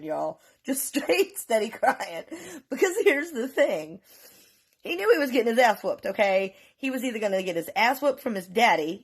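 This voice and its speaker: A woman from North Carolina tells a story in a casual vlog, swearing freely and laughing often. Her pitch swings widely as she talks. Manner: animated, profane, laughing. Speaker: vlogger.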